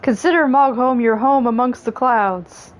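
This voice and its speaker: A woman voicing a small, cheerful moogle creature in a game, speaking high and bouncy. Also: measured pace, natural voice. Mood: chirpy. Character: chirpy little moogle creature.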